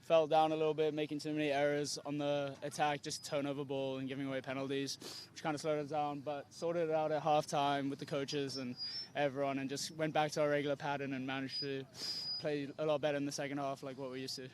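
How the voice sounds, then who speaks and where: A young South African man, the captain of a college rugby team, answers questions outdoors after the game. He talks fast and relaxed in a fairly flat tone, with lots of fillers. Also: fairly high pitch, a little hiss or hum. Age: young adult. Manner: relaxed, casual, with filler words. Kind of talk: post-match interview.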